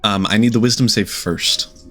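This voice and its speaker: A man's voice: on the low side, steady tone, moderate pace, a bit bright, faint music behind. A man running a tabletop game as game master, narrating in a hesitant, trailing way with many fillers.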